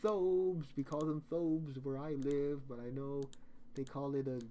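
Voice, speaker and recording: A man's voice: medium pitch, steady tone, measured pace, dark tone, a little hiss or hum. A man chatting casually on a live stream, rambling and joking, often correcting himself mid-sentence.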